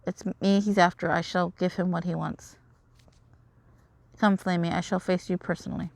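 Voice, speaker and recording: A proud, regal male dragon prince from a game story, read aloud by a woman. He speaks with haughty formality in a lowish voice, recorded close and dry. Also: little pitch movement, normal speed, gravelly, a little mellow, dry recording. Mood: commanding.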